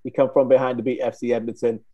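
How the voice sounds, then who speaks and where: A man's voice: medium pitch, little pitch movement, quick pace, mellow, muffled recording. A man hosting a sports interview, asking encouraging, leading questions.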